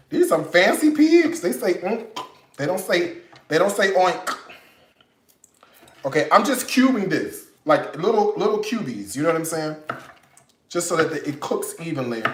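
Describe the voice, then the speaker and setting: A man's voice: on the high side, echoey room, slight background noise. A man hosting a home cooking demo, chatty and playful, with teasing jokes between steps. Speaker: cooking show host. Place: home kitchen.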